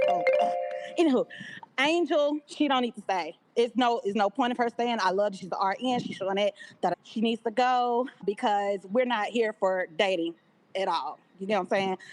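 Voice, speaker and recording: A woman's voice: mid-range voice, a little fast, slight background noise. A woman calling in to a live show, giving blunt, rambling opinions and often saying "anywho.". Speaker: caller. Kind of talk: call-in opinions on a reality show.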